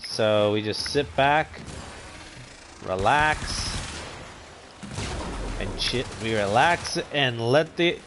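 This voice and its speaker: A man's voice: medium pitch, animated, drawn-out words, pauses often, background noise. Laid-back man commenting on gameplay. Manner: laid-back, rambling, chats to viewers. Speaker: gaming channel host.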